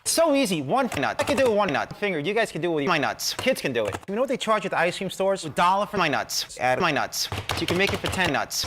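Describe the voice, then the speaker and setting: A middle-aged man giving a pushy, emphatic infomercial sales pitch, firing off short selling lines. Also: background noise.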